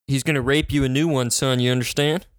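A man doing an improvised comedy skit, brash and crude, barking like a gruff recruiter. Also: medium pitch, steady tone, quick pace, no room sound, clean studio sound. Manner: brash, crude, barking drill-sergeant bluster.

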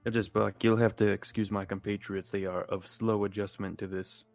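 A prim, formal gentleman, voiced by a man at a tabletop game. His speech is stiff and mannered, low and gravelly. Soft music runs underneath. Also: little pitch movement, normal speed, close to an everyday voice. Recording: faint background music.

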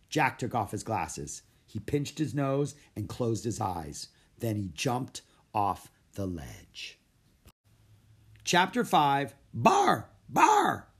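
A man reading a children's storybook aloud in an expressive, lively narration. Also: fairly low pitch, slightly rough. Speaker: audiobook narrator.

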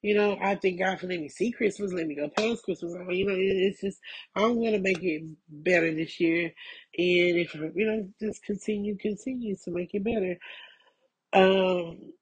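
Getting over a cold, a woman hosting a podcast gives a casual personal update, frank and rambling, repeating herself and asking "you know what I'm saying" again and again. Her voice is medium-pitched, slightly rough and moderately paced.

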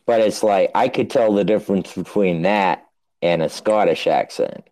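A man's voice: low-pitched, moderate pace, darkish tone. An American man co-hosting a podcast, self-mocking and swearing, just woken up. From United States. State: just woke up. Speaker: podcast co-host. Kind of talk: casual banter.

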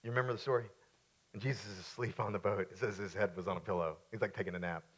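A male pastor preaching a sermon. He is emphatic, repeats key lines, and drops into quieter, casual asides while telling a story. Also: lowish voice, steady tone, racing, breathy edge.

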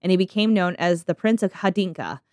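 A woman's voice: lowish voice, a little fast, darkish tone, no room sound, studio quality. A woman podcast host reading out a history story, breaking in with laughing, profane asides.

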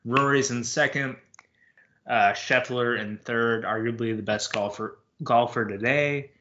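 Young man, podcast host, bright tense voice, casual rambling sports talk, muffled lo-fi audio. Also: mid-range voice, unhurried. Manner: loose and rambling, many fillers.

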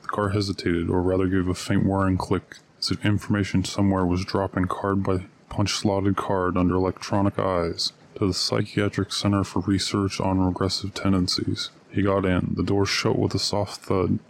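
A man reads a story aloud in a deep, level voice that hardly varies in pitch. His narration is steady and measured. A little faint background sound sits behind him. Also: gravelly, slight background noise.

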